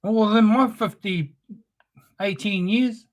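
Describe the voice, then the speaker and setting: High-voiced man ranting with heavy swearing. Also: slow. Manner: heavy swearing, preachy and confrontational. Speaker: livestream host. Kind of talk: impassioned spoken-word monologue.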